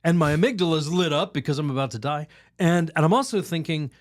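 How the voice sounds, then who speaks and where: A man, a priest on a podcast, telling a story and teaching in a lively, rambling way. He laughs often and restarts his sentences. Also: fairly high pitch, fast, dry recording, clean studio sound. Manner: animated, laughs while telling stories; rambling restarts, many "you know"s. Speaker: Catholic priest, podcast guest.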